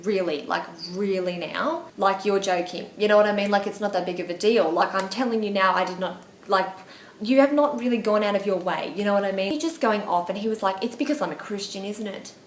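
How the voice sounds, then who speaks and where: An Australian woman in her twenties rattles through a storytime vlog, dramatic and chatty with lots of "like". Her voice sits at an ordinary middle pitch. The room is echoey, with faint background noise. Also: fast talker. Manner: chatty and dramatic, heavy use of "like", acts out quotes. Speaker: beauty vlogger.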